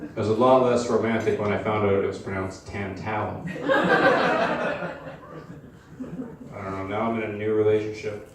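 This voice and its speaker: A young man performing amateur stand-up in a comedy club, deadpan and hesitant, full of uhs and likes. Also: on the low side, moderate pace, pauses often. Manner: hesitant, deadpan, filler-heavy. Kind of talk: stand-up routine. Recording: echoey live club, mic at distance, room noise.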